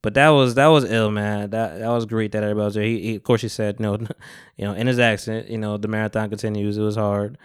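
A man's voice: on the low side, steady tone, quick pace, clear, resonant tone, no room sound, clean studio sound. A young man hosting a podcast, talking in a loose, rambling way with plenty of slang and cursing. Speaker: podcast host. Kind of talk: casual chat.

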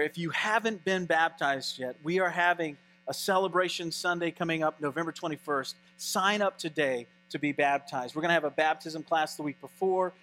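Male pastor, sermon, high voice, bright tone, animated and conversational.

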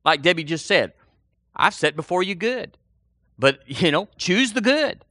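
Animated, bright-voiced preacher man. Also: high-pitched, unhurried, no echo, clean studio sound. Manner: animated, folksy, swings between loud emphasis and quiet asides. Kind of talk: sermon.

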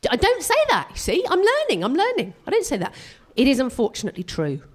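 A British woman performing live stand-up comedy at a venue, animated and self-mocking, jumping her voice up for punchlines. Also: high voice. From Britain. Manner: animated and self-mocking, with quick vocal jumps.

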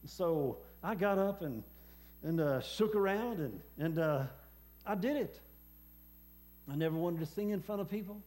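A man preaching a personal testimony sermon, speaking haltingly with many fillers and repeated words. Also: sits high, lively intonation, a little mellow. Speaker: preacher and former hospice chaplain.

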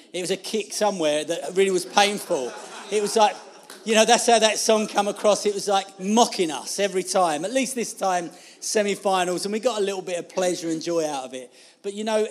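A man, preaching an informal sermon in a chatty, self-deprecating way and laughing through his asides. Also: high-pitched. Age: 50s.

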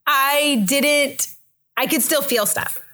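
A young woman telling a story in a casual chat, animated and laughing often, acting out the other people's voices. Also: slow. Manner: animated, acts out voices with big pitch jumps, laughs often. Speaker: guest telling a birth story.

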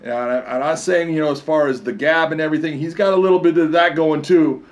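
On a casual combat-sports talk show, this co-host and fight commentator speaks quickly in a fairly high voice with fairly even intonation. He spins stories animatedly and laughs a lot throughout the chat.

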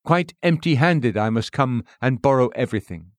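A man reading a sermon aloud in a measured, earnest way, full of rhetorical questions. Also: medium pitch, animated, dry recording. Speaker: preacher.

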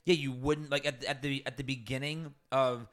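A man's voice: medium pitch, level tone, moderate pace. A man with a mid-range voice cohosts a casual chat. He agrees readily and rambles through his points, restarting his sentences as he goes. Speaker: podcast co-host.

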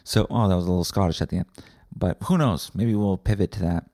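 A young Canadian man hosting a comedic solo podcast, rambling and swearing with deadpan asides. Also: deep voice, fast talker, no room sound, studio quality. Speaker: podcast host.

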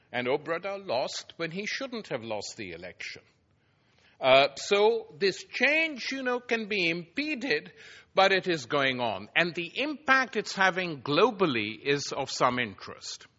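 A man's voice: fairly high pitch, bright, forceful tone, lo-fi sound. A man giving a public lecture before an audience, telling anecdotes with wry, dry irony.

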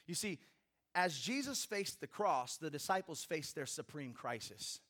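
A man preaching a sermon as pastor, swinging from loud, intense passages to hushed ones, with humorous personal asides to the congregation. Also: on the high side, very animated, measured pace.

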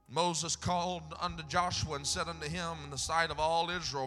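A Southern-accented male preacher with a bright, slightly high voice, caught in a long, echoing church hall. He swings between booming scripture and soft, homespun storytelling. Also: steady tone, moderate pace, hardly any pauses, faint music behind. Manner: fervent, swells loud on scripture then drops to folksy storytelling. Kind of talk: sermon. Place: church sanctuary.

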